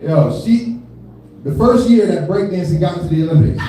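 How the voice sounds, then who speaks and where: A stand-up comedian in his thirties performs live at a comedy venue, loose and profane, laughing often and leaning on filler tags. His high, mellow voice is expressive at a moderate pace, picked up from a distance in an echoey room with slight background noise.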